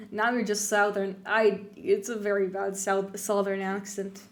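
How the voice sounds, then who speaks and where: A woman's voice: medium pitch, flat delivery, a little slow, hardly any pauses, noisy background. A woman streamer chatting and joking casually as she plays through a game. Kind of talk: casual gameplay commentary. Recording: game music behind voice.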